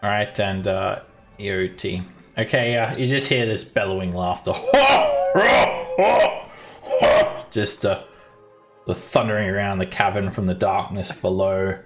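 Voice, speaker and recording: A man running a tabletop game as dungeon master, relaxed and chuckling as he talks over his players. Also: deep voice, moderate pace, faint music behind.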